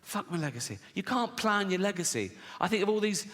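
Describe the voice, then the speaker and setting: A man's voice: high voice, sing-song, a little fast. A man doing live stand-up comedy on a theatre stage, mocking and swearing freely in a sardonic tone. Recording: echoey hall, loud audience noise.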